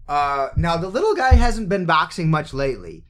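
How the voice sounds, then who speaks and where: A man co-hosting a casual podcast, his voice sitting a touch high for a man. He talks loosely and jokes around, swearing freely as he goes. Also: very animated, normal speed, a crowd in the background. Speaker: podcast co-host. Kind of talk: casual chat.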